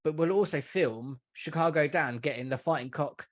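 A man's voice: fairly high pitch, moderate pace. A man, a podcast guest, chatting casually about football and swearing freely. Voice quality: swears freely, calls listener mate and man. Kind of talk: casual chat.

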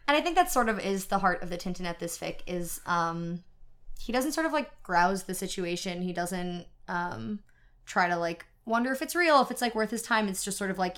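A woman's voice: mid-range voice, expressive, brisk, fairly bright tone. A woman in a casual book discussion, easygoing and rambling, with plenty of fillers.

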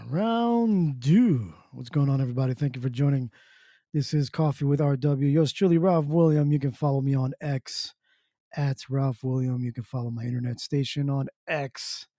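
A man's voice: medium pitch, steady tone, moderate pace, dark tone, dry recording, clean studio sound. A man hosting a casual morning podcast in a laid-back, jokey way, greeting his listeners by name. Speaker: podcast host.

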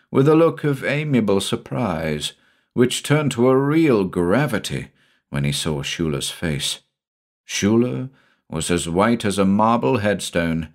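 A man with a deep, low voice narrates a horror story. His reading is dramatic and expressive, rising and falling widely to build dread. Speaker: audiobook narrator. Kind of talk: scripted narration.

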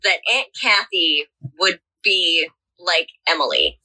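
Bright-voiced woman chatting, rambling. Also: on the low side, big pitch swings, takes it slowly, breathy edge, poor audio. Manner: rambling, many fillers and restarts. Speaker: podcast co-host. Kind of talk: casual chat about a TV series.

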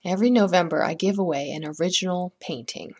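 A woman hosting a podcast, chatting with a guest and gently telling a folktale. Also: on the low side, quick pace, husky. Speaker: podcast host and storyteller. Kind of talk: podcast chat and folktale storytelling.

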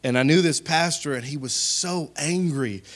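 A man preaching a sermon as pastor, talking straight to his congregation in a conversational way, rising to loud emphatic peaks and dropping to quiet asides. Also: fairly high pitch, moderate pace. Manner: conversational, addresses the congregation directly.

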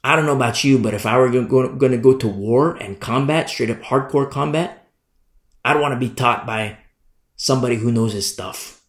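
A man preaching a sermon as pastor, hammering his points by repeating them and swinging between loud and hushed. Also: mid-range voice, moderate pace. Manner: emphatic, repetitive preaching with sharp swings in loudness. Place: church room. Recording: roomy echo.

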